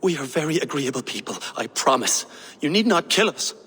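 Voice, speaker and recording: An actor playing a nervous, agreeable stable hand in a video game. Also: male voice, a little high, sing-song, brisk, a bit bright, slightly rough, long reverb tail, exaggerated voice. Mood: meek.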